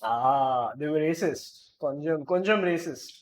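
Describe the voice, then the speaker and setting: A man's voice: on the high side, a little slow. A man with an Indian accent hosting a gaming podcast, chatting and joking casually and reading out the live chat. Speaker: podcast host.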